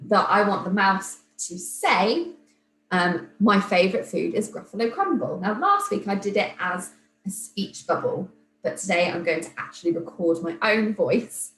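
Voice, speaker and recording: A woman's voice: fairly low pitch, animated, measured pace, a bit bright. A woman teacher patiently walking young pupils through a demonstration, step by step. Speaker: primary school teacher. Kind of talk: remote classroom demonstration. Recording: echoey room, faint hum.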